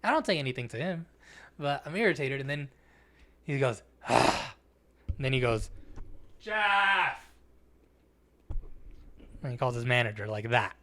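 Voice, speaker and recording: A man's voice: mid-range voice, a little fast. A man co-hosting a podcast, telling a story in casual, profane chat and acting out the other people's lines. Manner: profane, animated storytelling, acts out quotes. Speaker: podcast co-host.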